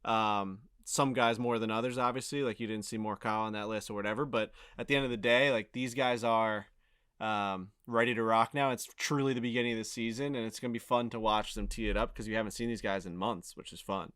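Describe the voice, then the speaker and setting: A man's voice: lowish voice, a little fast, smooth, dry recording. A man co-hosting a podcast, chatting loosely and swearing freely as he tells stories. The sound is close and dry with no room around it. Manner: animated storytelling, heavy swearing. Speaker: podcast co-host. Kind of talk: casual chat.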